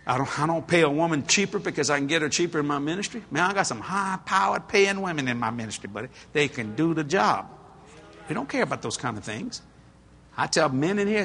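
A folksy, middle-aged male preacher tells stories from the pulpit. His voice is bright and forceful and swoops up and down with energy. He laughs often at his own tales. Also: on the high side, expressive, fast talker. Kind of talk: storytelling sermon.

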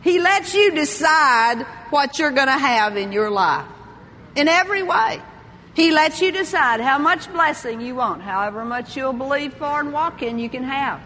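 An older woman preaching a sermon, lively, laughing often and exclaiming praise. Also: high-pitched, moderate pace, big-room sound, a little hiss or hum.

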